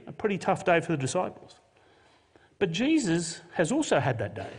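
A man's voice: on the high side, huge pitch swings, normal speed, husky. A man, a pastor preaching a sermon and telling a Bible story with jokey modern asides. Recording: long hall reverb.

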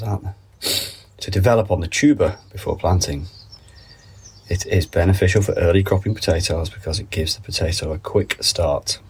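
Here a podcast host with a cold, his voice low with a breathy edge, chats casually in a garden greenhouse. He reads labels aloud and tosses out wry asides in a rambling monologue recorded on his phone.

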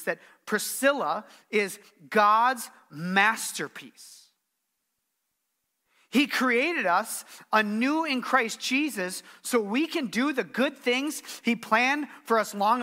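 A man's voice: high voice, sharp tone. A middle-aged man preaching a sermon as pastor, earnest and emphatic, repeating his key phrases.

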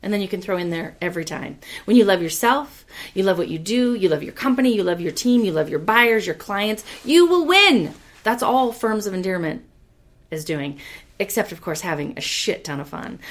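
A woman hosting a motivational business talk, energetic and emphatic, repeating phrases for emphasis, casual with mild swearing. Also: fairly low pitch, normal speed. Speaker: podcast host and business leader.

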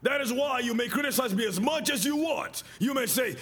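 Male preacher, high lively voice, animated sermon with shouted peaks. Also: moderate pace, few pauses, faint music behind. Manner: storytelling with acted quotes. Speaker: bishop and preacher.

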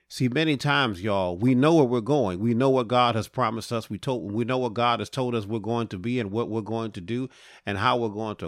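A man's voice: fairly low pitch, no room sound, studio quality. A man preaching a short podcast sermon as pastor and host, speaking straight to his listeners as brothers and sisters.

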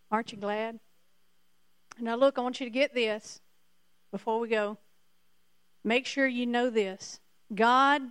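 A woman's voice: fairly high pitch, smooth, no echo, clean studio sound. A woman preacher giving a sermon emphatically, repeating her points to the congregation.

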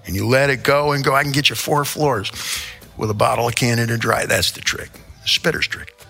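A man's voice: medium pitch, fairly quick, vocal fry, pushed and bright, faint music behind. An older man from the American Midwest hosting a show, telling a rambling, theatrical comic rant. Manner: theatrical, rambling storyteller with sudden asides. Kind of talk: comedic rant monologue.

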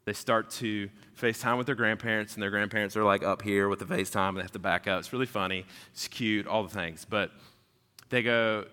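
A pastor in his thirties preaches in an easygoing, animated way, full of asides. His voice is bright and forward, with a long reverb trailing through the hall. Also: fairly low pitch, brisk, clear, resonant tone. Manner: casual, animated storyteller. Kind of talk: sermon.

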